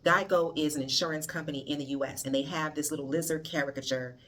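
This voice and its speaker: A middle-aged woman hosting a podcast, talking in an animated, conversational and slangy way. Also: sits low, fast talker. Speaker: podcast host. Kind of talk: casual monologue.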